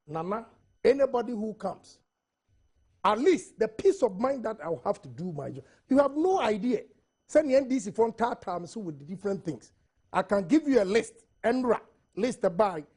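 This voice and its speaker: A man's voice: sits high, a little mellow, breathy edge. A Ghanaian man speaking emphatically on a TV panel, switching between Twi and English. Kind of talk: TV studio panel discussion.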